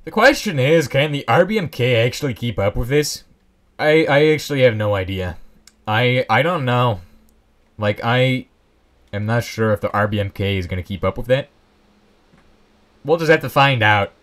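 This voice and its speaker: A man's voice: mid-range voice, animated, moderate pace, pauses often, fairly bright tone. A young man casually commenting on his own gameplay, rambling and joking at his own expense. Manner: rambling, self-mocking, joking asides. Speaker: Let's Play host.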